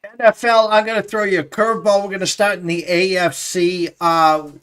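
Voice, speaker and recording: Betting show host guy, kinda high voice, lots of uh uh and stumbling restarts. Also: level tone, a bit bright, clean tone. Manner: halting, many "uh" fillers and stammered restarts. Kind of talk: casual sports betting talk.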